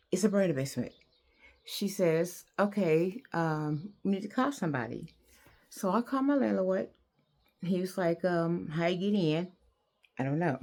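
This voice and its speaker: Older woman, low voice, slow, rambling personal story, earnest.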